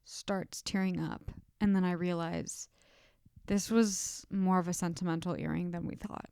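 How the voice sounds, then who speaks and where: Young woman podcast co-host, chatty, fills in the story, clear smooth voice, dry sound. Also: fairly low pitch, steady tone, a little slow, dark tone, no room sound. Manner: chatty, adds detail, cuts in to correct. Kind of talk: casual storytelling chat.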